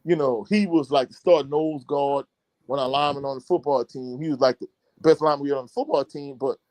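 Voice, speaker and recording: A man, a high school coach, telling a long sports anecdote in casual chat with slang and many fillers. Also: steady tone, quick pace, a little mellow, no echo. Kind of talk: casual podcast storytelling.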